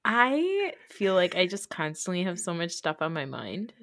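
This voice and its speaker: A woman's voice: fairly low pitch, big pitch swings, normal speed, fairly bright tone, no room sound, clean studio sound. A woman in her thirties with a New Jersey accent, hosting a podcast in casual, rambling chat full of fillers. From United States. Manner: rambling, chatty, many fillers. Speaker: podcast host.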